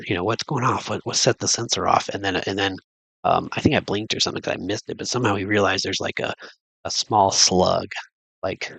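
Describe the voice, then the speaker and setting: This is a casual spoken film recap from a man who reviews movies, rambling along with fillers and restarts. He speaks low with vocal fry, a sharp tone, and a breathy edge, and the recording is rough with no echo.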